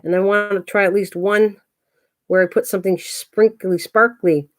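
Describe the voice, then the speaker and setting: A woman's voice: mid-range voice, flat delivery, brisk. An older woman hosting a craft livestream, chatting casually, thinking aloud and greeting viewers by name as she works. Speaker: craft channel host.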